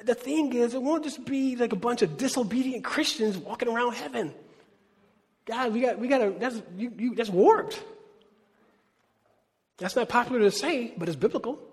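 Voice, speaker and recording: A man preaching a sermon in a lively, conversational way, often asking the congregation questions. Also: extremely high pitch, moderate pace, long pauses. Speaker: pastor. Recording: long reverb of a large hall.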